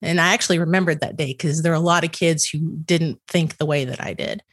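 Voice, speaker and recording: A middle-aged woman guest on a podcast, telling stories with lively quoted dialogue. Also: deep voice, quick pace, no room sound, studio quality. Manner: animated storyteller, acts out quoted dialogue. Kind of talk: storytelling conversation.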